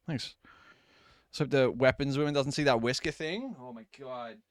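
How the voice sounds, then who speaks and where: A man in his twenties chatting casually with viewers on a live stream, animated and quick to swear. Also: medium pitch, no room sound, studio quality. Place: at home at his desk.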